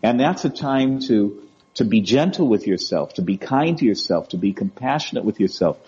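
A man speaking as a guest in a conversational interview. He talks gently, restarts his words and often checks in with "right?" and "you know?". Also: on the low side, lively intonation, normal speed. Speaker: guest speaker on emotional wellbeing. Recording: dull lo-fi audio.

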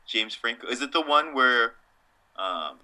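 A man's voice: mid-range voice, animated, bright, forceful tone. A young man co-hosting a casual sports chat, dry and wry, playing dumb for laughs. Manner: dry, wry, deliberately obtuse. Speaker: podcast co-host.

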